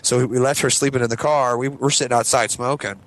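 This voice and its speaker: A man in his thirties telling stories in a casual podcast chat, lively when he quotes people. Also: medium pitch, fast talker, rough recording. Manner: animated, does loud voices when quoting people. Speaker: podcast co-host, father.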